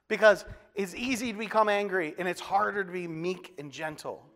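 A man's voice: high voice, moderate pace, a bit bright, in a large hall, soft background music. A man preaching a sermon as a pastor, in a conversational way with folksy asides and self-deprecating humor.

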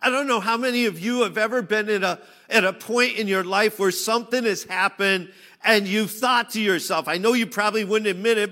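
A man preaching a sermon, shifting from loud pleading cries to hushed, low phrases. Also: in a large hall. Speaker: pastor.

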